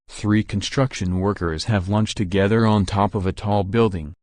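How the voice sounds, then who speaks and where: A man reading a string of jokes aloud in a flat, even delivery. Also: on the low side, unhurried, hardly any pauses, no room sound, studio quality. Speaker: joke narrator. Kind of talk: scripted joke reading.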